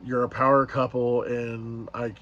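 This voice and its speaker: A man's voice: medium pitch, flat delivery, a little slow, a bit bright, muffled recording, slight background noise. A man casually retelling an event as a vlogger, rambling along with many fillers and restarts. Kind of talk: casual storytelling recap.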